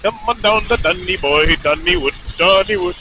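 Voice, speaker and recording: A man putting on a sing-song stage-Irish voice, chanting and half-singing as he coaxes someone to dance, with loud road noise behind. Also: high voice, moderate pace, natural voice. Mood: lilting. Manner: lilting, chanting, half-sung.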